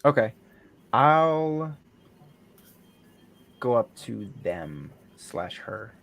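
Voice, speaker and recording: A woman's voice: a bass voice, big pitch swings, drawn-out words, creaky, faint music behind. A woman playing a tabletop game, asking eager, pushy questions. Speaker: player.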